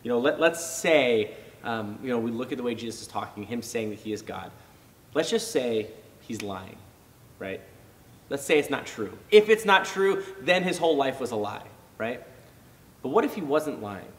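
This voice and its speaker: A man's voice: mid-range voice, normal speed, distant mic. Casual youth-pastor man in a reverberant hall. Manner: casual, conversational, many fillers and restarts; animated when acting out reactions. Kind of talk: youth sermon.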